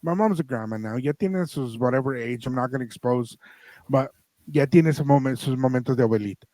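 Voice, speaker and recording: A man's voice: mid-range voice, a little fast, warm tone, dry recording, rough recording. A man co-hosting a podcast, telling a family story in casual talk that mixes in Spanish phrases and acts out the people in it. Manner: switches between English and Spanish phrases. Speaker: podcast co-host.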